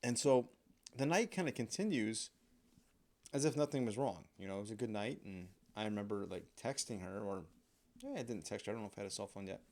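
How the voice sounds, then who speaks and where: A man's voice: lowish voice, expressive, brisk, darkish tone. A man hosting a podcast, telling a comic personal story in a profane, self-mocking, rambling way. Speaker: podcast host.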